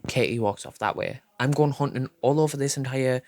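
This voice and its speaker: A young storytime vlogger retells a tale with sass and drama, cursing freely in a quick, lively, gossipy style. His voice is mid-range and the audio has no echo.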